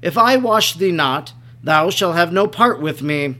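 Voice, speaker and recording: Jesus, a gentle and solemn grown man, read by a male narrator in a devotional audiobook. He speaks in calm, archaic scriptural phrasing, in a rather high voice. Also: measured pace.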